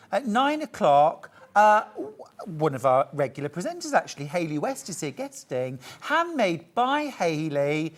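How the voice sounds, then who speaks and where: A middle-aged woman with a low voice hosts a live shopping channel demonstration. She is chatty and upbeat, full of little jokes and asides as she shows off products. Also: very animated, normal speed.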